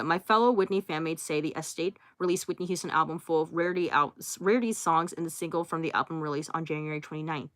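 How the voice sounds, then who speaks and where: Bright young woman chatting on a livestream. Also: low voice, no echo. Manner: reads out chat names and answers each briefly, with laughs and fillers. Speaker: livestream host. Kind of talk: casual livestream chat reading viewer comments. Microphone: phone.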